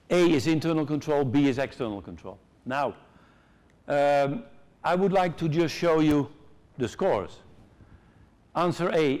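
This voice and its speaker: A middle-aged man with a Dutch accent giving an animated, joking conference keynote in a large hall. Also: fairly high pitch. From Netherlands. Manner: animated, joking, acts out quoted voices. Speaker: conference speaker.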